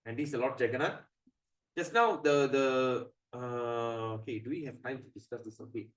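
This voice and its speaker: A man giving a storytelling sermon at a temple, animated and asking the audience questions. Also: medium pitch, moderate pace, echoey room. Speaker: temple speaker.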